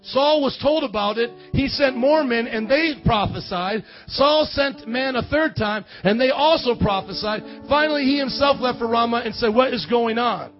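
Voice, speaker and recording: A man preaching a lively charismatic sermon, with loud excited bursts and quiet musing asides. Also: normal speed, hardly any pauses. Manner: excitable, loud outbursts, then drops low to muse. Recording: dull lo-fi church recording with faint music.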